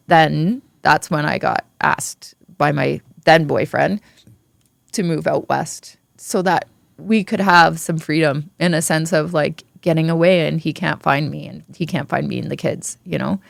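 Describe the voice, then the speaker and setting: A woman guest on a podcast, telling her story frankly and candidly, swearing freely, with halting restarts. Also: sits low, vocal fry, dry recording. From Ontario, Canada.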